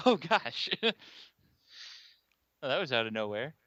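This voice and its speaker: A man on a casual podcast, joking and laughing often with quick interjections. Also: medium pitch, sing-song, sharp tone, dry recording, muffled recording.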